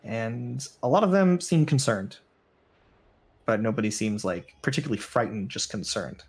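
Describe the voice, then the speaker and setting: A man narrating a tabletop game as game master, in a relaxed, hesitant way with many fillers. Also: medium pitch, moderate pace, breathy edge.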